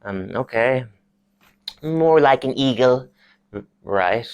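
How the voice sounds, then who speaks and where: A woman voicing a reluctant, awkward drama student who mumbles flatly. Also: very deep voice, takes it slowly, clean tone, muffled recording, full character voice.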